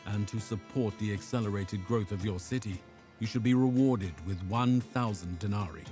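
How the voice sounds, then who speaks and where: A dignified Roman emperor, voiced by a man, with a fairly low voice and stately, formal delivery over soft game music. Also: moderate pace, lightly acted. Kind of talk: video game voice acting.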